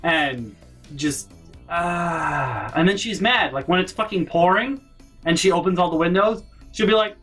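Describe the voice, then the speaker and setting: A young man with a fairly high voice, ranting through a family story. He rambles off topic, swears freely and breaks into loud shouts when he gets exasperated. Faint music sits under his voice. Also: animated, brisk. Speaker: vlogger. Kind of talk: casual storytime rant.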